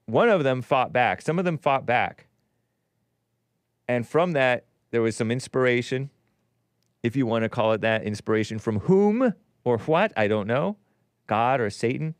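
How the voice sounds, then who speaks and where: A man's voice: mid-range voice, clean tone, dry recording, studio quality. A man hosting a call-in talk show, rambling and combative, laughing at his own jokes.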